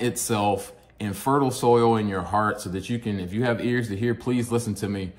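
A man's voice: fairly low pitch, moderate pace, few pauses, fairly bright tone. A man with a Kentucky accent giving an earnest sermon-style teaching as a guest speaker, often checking in with the listeners by asking "amen?" and "right?". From Kentucky, USA.

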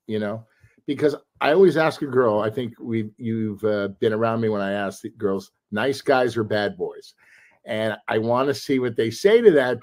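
A middle-aged man spins a story in casual podcast chat, his voice at an ordinary pitch. He jumps into lively acted-out quotes and swears freely. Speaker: podcast co-host.

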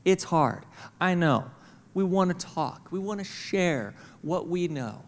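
A man preaching a sermon as senior pastor in a church, conversational and animated, acting out the voices of children and God. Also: sits high, slow pace. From St. Louis, Missouri. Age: adult with kids. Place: church auditorium. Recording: reverberant church hall.

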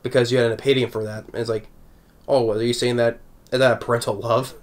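A man's voice: mid-range voice, little pitch movement, fast. A man recapping an anime episode in a casual, rambling way, chuckling often between thoughts. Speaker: anime reviewer.

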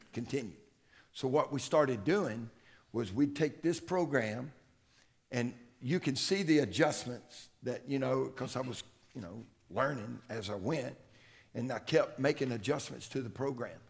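This middle-aged strength coach speaks in an animated, mid-range voice at a moderate pace during a conference talk in a conference room. Folksy and full of anecdotes, he dramatizes the quotes in his stories.

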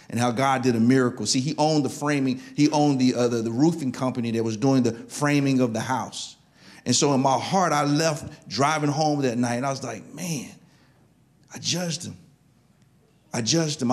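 A man's voice: medium pitch, darkish tone. Man preaching with storytelling repetition. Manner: storytelling, repeats key words for emphasis. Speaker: pastor. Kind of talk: sermon.

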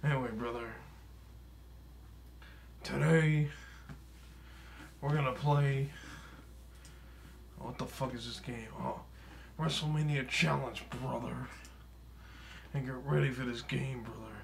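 A man's voice: medium pitch, fairly even intonation, slow pace, gravelly, long pauses, slight background noise. A man voicing a boastful, broke, aging male pro wrestler for comedic gameplay commentary, swearing often, chuckling and calling everyone brother or dude. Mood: cocky rambling. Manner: tacks brother or dude onto nearly every phrase.

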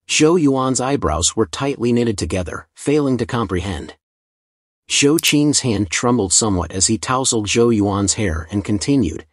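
A man narrating a fantasy story recap in a measured, scripted reading. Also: medium pitch, animated, slightly rough, no echo, clean studio sound.

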